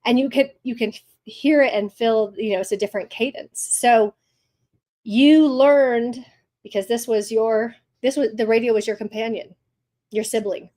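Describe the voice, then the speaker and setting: A woman's voice: fairly high pitch, darkish tone. A woman hosting an interview podcast, upbeat, asking open questions. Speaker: podcast host.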